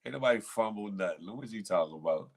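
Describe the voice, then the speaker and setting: A man's voice: lowish voice, lively intonation, quick pace, vocal fry, husky. A man hosting a live morning show, casually chatting and reading viewer comments with playful banter, frequent laughter and slangy speech. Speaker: show host.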